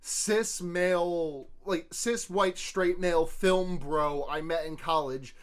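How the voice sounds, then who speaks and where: A woman's voice: fairly low pitch, takes it slowly. A woman hosting a podcast in casual chat, rambling with many restarts and fillers. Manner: rambling, stammering restarts, lots of "like". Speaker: podcast host.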